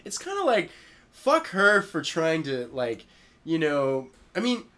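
A young man talks casually, rambling from one thought to the next with plenty of profanity. His voice sits slightly high for a man, and he laughs through much of what he says. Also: huge pitch swings, slow pace, pushed and bright. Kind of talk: casual chat.

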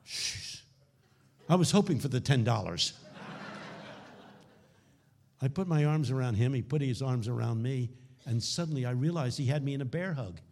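A man giving a conference keynote sermon, telling stories dramatically and dropping to hushed lows. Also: animated, moderate pace, vocal fry, long pauses. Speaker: keynote speaker. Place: conference hall.

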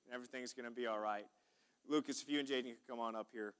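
A man's voice: medium pitch, steady tone, very fast, clear, resonant tone. A male pastor, preaching a sermon in a church sanctuary in a folksy, chatty way and calling out to the congregation. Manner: folksy, chatty preaching with audience call-outs.

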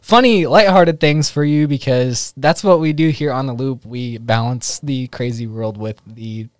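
A man's voice: mid-range voice, unhurried, no room sound, clean studio sound. A young man from Northwest Missouri co-hosting a casual podcast, laughing often and restarting his sentences. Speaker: podcast co-host.

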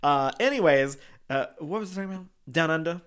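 A man's voice: fairly high pitch, animated, quick pace, a bit bright, smooth. A man co-hosting a podcast, chatting casually in a campy, talkative way with lots of fillers and swearing. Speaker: podcast co-host. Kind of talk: casual chat.

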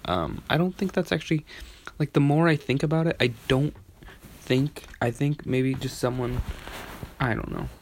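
A man's voice: mid-range voice, normal speed, darkish tone, slight background noise. A tired young man hosting a podcast, rambling with many fillers in a casual monologue. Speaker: podcast host.

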